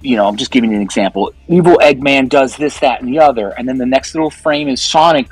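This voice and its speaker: A man, a guest musician, chatting casually in an interview and telling animated stories in a loose, profane way. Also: mid-range voice, quick pace, breathy edge, no echo, soft background music, poor audio.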